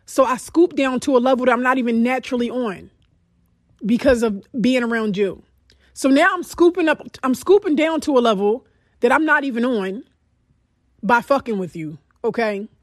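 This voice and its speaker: A young woman hosting a podcast, speaking with a fairly high voice. She is blunt and profane and hammers her points home with repeated phrases. The sound is close and dry, with no room echo. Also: normal speed. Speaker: podcast host. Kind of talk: candid storytelling monologue.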